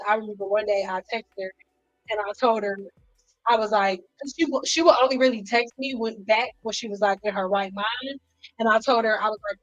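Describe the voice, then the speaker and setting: A woman's voice: medium pitch, no echo. Woman, hairstylist, chatty storytelling vlog, acts out quotes, lo-fi sound. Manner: animated, acts out quotes, frequent "like". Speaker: hairstylist vlogger. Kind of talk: casual storytelling to camera. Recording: dull lo-fi sound with faint music behind.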